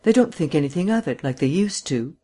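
A man's voice: a little high, animated, fast talker, warm tone, husky. A man reading an audiobook, voicing a frightened and obstinate middle-aged housekeeper who turns eager and pleading. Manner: dogged, then eager and pleading.

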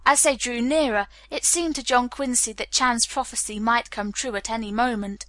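Bright-voiced woman reading a novel. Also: on the high side, steady tone, moderate pace, no echo. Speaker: audiobook narrator. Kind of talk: scripted narration.

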